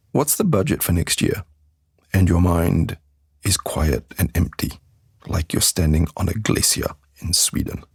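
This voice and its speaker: A man teaching English on a podcast, demonstrating useful phrases and steady, falling intonation. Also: low voice, vocal fry, slightly rough, no room sound, clean studio sound. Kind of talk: podcast language lesson.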